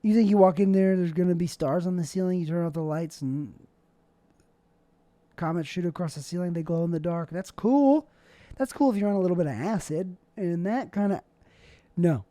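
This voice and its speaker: Young male host, mellow warm voice, dry close sound, rambling and self-mocking monologue. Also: high voice, steady tone, fairly quick, no room sound. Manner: rambling, self-deprecating, jokey. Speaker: show host. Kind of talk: casual solo vlog monologue. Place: indoors at home, his bedroom.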